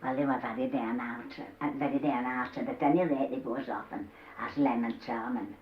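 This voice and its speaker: An older woman with a Yorkshire accent telling humorous dialect stories, acting out the characters' voices with lively shifts. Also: a bass voice, moderate pace, slight background noise. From Yorkshire, England. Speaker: dialect storyteller. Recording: roomy, dull old cassette tape.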